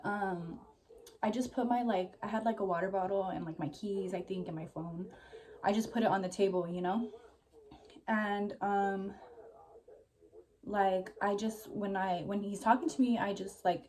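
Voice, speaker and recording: Her medium-pitched, darkish voice keeps a fairly even intonation at a normal speed as this young woman vlogs a loose, meandering story. "Like" comes up constantly, the swearing flows freely, and she's a bit out of breath.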